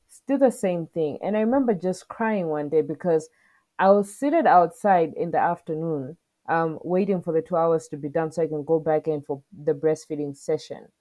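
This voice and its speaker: A young woman co-hosting a podcast tells a personal story with earnest feeling and quotes the exchanges. Her voice sits low and sounds warm and mellow. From southern Africa. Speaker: podcast co-host.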